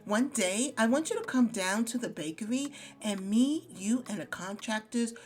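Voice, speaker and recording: A woman's voice: a little high, lively intonation, normal speed, voice pushed up, lightly acted. A woman voicing an upbeat young man in a life-sim game, eager to please his girlfriend.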